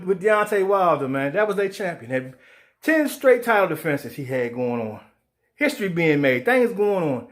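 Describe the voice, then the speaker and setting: A fired-up man rants about boxing, swearing freely. His voice sits high for a man. He keeps slipping into mocking put-on voices for the people he quotes. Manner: profane, animated, acts out quoted voices. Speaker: sports show host. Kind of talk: heated boxing commentary rant.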